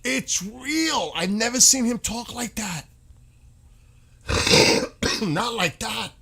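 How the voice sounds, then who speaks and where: A man streams his live reactions, his voice swinging through a lively, animated range. He talks slowly and deliberately, with excitable bursts of disbelief and the odd curse. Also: extremely high pitch, vocal fry, slightly rough. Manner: excitable, swearing, exclaims in disbelief.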